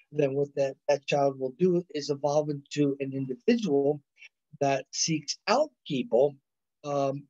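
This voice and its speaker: A man's voice: on the high side, dark tone. A man teaching a college psychology class over a video call, rambling and correcting himself often, checking in with "right?" and "you know". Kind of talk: recorded online lecture. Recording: dull lo-fi video call audio.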